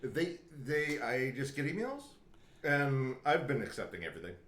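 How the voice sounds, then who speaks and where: A man's voice: medium pitch, big pitch swings, normal speed, a bit bright, echoey room, a little hiss or hum. A man co-hosting a radio show, hesitant and stammering, sounding amused. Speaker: radio co-host. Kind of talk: casual chat.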